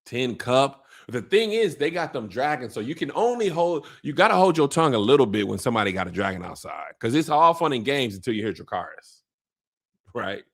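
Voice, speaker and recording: A man with a gravelly, textured voice recaps a TV episode for laughs. His pitch swings widely as he tells the story, slangy and animated, slipping into playful character voices along the way. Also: brisk. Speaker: show recap host.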